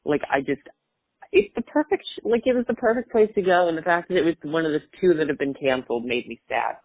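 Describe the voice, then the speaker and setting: A talkative man hosting a podcast, rambling through casual chat with plenty of fillers. His voice sits fairly high and sounds dry and close, squeezed into a thin phone-like band. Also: animated, fast talker, husky, dry recording. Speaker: podcast host.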